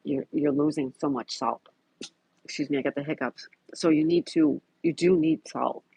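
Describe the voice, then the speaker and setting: A man's voice: fairly high pitch, steady tone, normal speed, creaky, warm tone, slightly rough, no echo, low-quality recording. A man hosting a casual livestream, reading viewer comments aloud and greeting chatters by name. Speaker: livestream host. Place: home in Florida.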